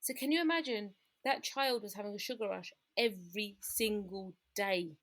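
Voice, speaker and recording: A woman telling her own story in a candid, reflective conversation, growing quieter at the painful parts. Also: mid-range voice, normal speed. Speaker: guest sharing her experience.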